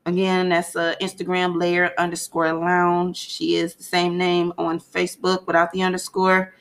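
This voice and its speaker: A woman co-hosting a relaxed podcast, talking in a laid-back, chatty way with plenty of casual slang. Her voice sits a little low for a woman. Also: moderate pace. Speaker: podcast co-host. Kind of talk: casual chat.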